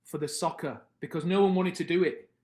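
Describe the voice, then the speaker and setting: A British man in his thirties tells a long story on a podcast and jumps into the voices of the people in it. His voice sits a little high for a man. The room around him is echoey. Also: a little fast. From Britain. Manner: animated, acts out the voices of people in his stories. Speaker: podcast guest. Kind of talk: casual storytelling.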